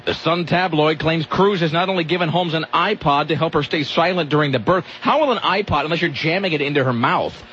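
A man's voice: a little high, brisk, hardly any pauses, fairly bright tone. A man hosting a radio show, reading news stories aloud with sarcastic, mocking asides. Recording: muffled radio sound with faint noise.

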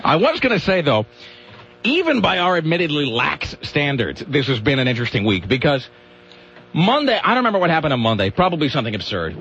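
A man's voice: fairly high pitch, very animated, fast talker, fairly bright tone, slightly rough. A man hosting a comedic talk radio show, wisecracking and sarcastic in his banter. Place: radio studio. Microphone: studio mic. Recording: dull lo-fi radio broadcast.

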